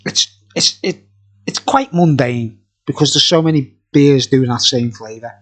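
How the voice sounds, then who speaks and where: Tipsy husky man rambling. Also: medium pitch, measured pace, fairly bright tone. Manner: jokey, rambling, laughing often. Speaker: beer reviewer. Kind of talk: casual rambling vlog chat.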